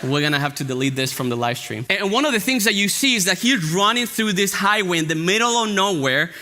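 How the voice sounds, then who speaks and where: A man's voice: sits high, lively intonation, a little fast, bright, forceful tone. A young man preaching a sermon in a church, earnest and building with repeated phrases. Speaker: pastor and vlogger. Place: church sanctuary.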